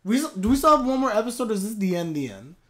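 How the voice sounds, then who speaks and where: A man reacting live to an anime episode, his voice sitting a little high. He talks in an excitable, animated way, with quick swings in loudness and pitch.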